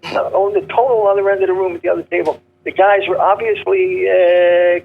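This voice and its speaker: An older man telling comedy stories in a punchy, joke-driven way, acting out gruff characters. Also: high voice, dull audio, slight background noise. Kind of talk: casual storytelling interview.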